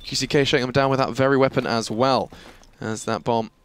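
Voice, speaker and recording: Fast-talking man calling a game. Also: mid-range voice, a little hiss or hum. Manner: excitable, quick, joking banter. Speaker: esports commentator. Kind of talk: live play-by-play commentary. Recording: game gunfire loud behind voice.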